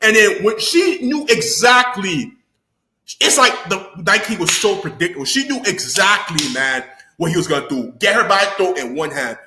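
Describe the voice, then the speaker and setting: A young man rattles off an excited, casual recap, full of slang, swearing and loud outbursts. His voice sits high and swings widely in pitch. It has a bright edge, recorded in a roomy, echoing space. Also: normal speed, slight background noise. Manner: animated, slangy, swears freely, loud exclamations. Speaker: YouTuber reviewing a TV episode.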